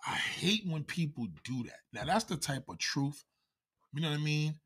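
A man's voice: a little high, lively intonation, normal speed, fairly bright tone, husky. A man giving a heated, mocking, profanity-filled comedic rant to his viewers. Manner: heated, mocking, swears constantly. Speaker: vlogger.

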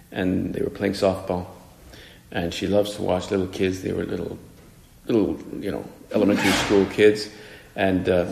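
A man's voice: sits low, gravelly, a little mellow. A man giving a spoken meditation as a priest, talking in a conversational, musing way with frequent restarts, in an echoey hall with faint music behind.

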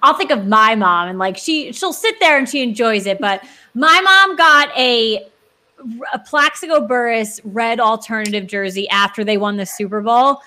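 A woman's voice: fairly high pitch, lively intonation, normal speed, pushed and bright. A woman co-hosting a casual podcast, chatty and upbeat, laughing often. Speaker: podcast co-host.

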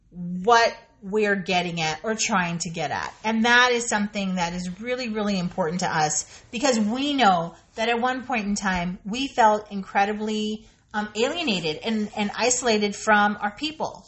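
A woman's voice: medium pitch, fairly bright tone. A woman co-hosting a podcast, chatting candidly and swearing freely. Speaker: podcast co-host. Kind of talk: casual chat.

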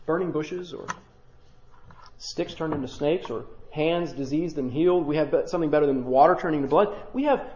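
A male pastor preaching a sermon in an animated way, acting out the dialogue he quotes. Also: high voice, roomy sound, muffled recording, slight background noise.

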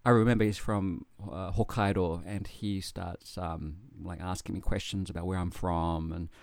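A man's voice: deep voice, steady tone, moderate pace, no echo. A man from New Zealand with a New Zealand accent, telling a personal story in casual podcast talk, swearing freely and getting emotional.

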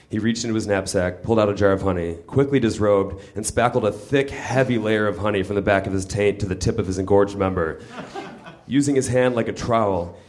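A man reading a comic story aloud in a deadpan, mock-literary manner on a small comedy theater stage. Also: lowish voice. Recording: live stage mic with audience laughter noise.

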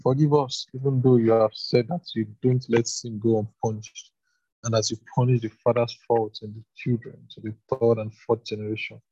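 A man reads Moses, a leader begging God to spare his people. His husky voice stays earnest and often drops low. The sound is dry and close. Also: level tone, normal speed, dark tone, no room sound, dull audio, close to an everyday voice. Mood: pleading.

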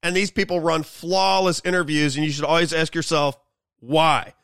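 A man's voice: fairly high pitch, steady tone, brisk, fairly bright tone, clear, resonant tone, no echo. A male host giving a sarcastic, mocking political commentary monologue.

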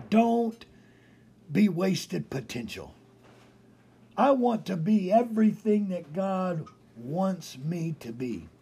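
A man preaching a broadcast sermon as pastor, animated, repeating phrases for emphasis. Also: sits high, breathy edge.

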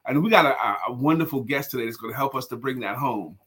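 A man co-hosts a relaxed morning talk show. His voice is bright and forceful, and he talks in a chatty, playful way, full of fillers and restarts. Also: medium pitch, fast, slightly rough. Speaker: co-host.

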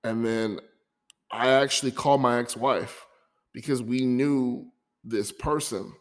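A man's voice: medium pitch, steady tone, unhurried. A man hosting his own podcast, talking through a hard week in an emotional personal monologue, often stumbling and repeating words. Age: adult, divorced. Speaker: podcast host.

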